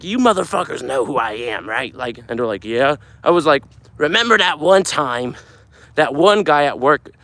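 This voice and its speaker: A young man with a fairly high voice talks on a casual live stream, reading out viewer comments. He swears freely and gets loud as he tells his stories. His phone camera picks him up up close. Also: no echo. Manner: animated storyteller, swears a lot, gets loud when telling a story.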